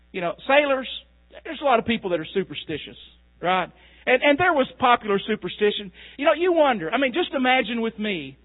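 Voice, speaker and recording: A man preaching a sermon, telling the story in a folksy way and asking the crowd questions. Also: very high voice. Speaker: pastor. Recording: tinny phone-like sound.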